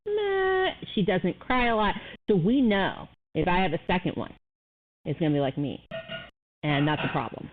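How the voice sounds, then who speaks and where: A woman co-hosting a podcast in casual chat, telling lively stories and mimicking people. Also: on the low side. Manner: animated storyteller, mimics voices. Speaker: podcast co-host. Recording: tinny phone-like line.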